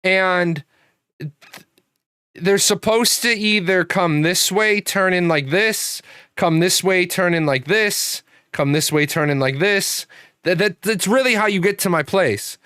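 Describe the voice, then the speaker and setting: A man hosts a casual livestream chat, telling a rambling, profane story with many restarts. His voice sits high and sounds bright, forceful, and clean, with an unhurried delivery. The studio-quality recording has no room sound.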